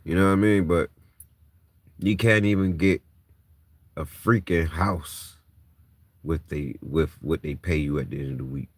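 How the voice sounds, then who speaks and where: A man's voice: a bass voice, steady tone, unhurried, long pauses, no room sound. A man in his thirties venting raw frustration and distress to the camera, emotionally worn and on the edge of tears, swearing as he talks. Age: 30s. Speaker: vlogger.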